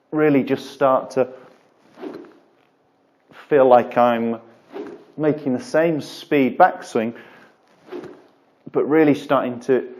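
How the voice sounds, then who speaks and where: An English golf coach with a mid-range voice explains and demonstrates a drill in an instructional video lesson. He's relaxed and chatty, filling his talk with plenty of fillers, and he's filming in an indoor golf studio.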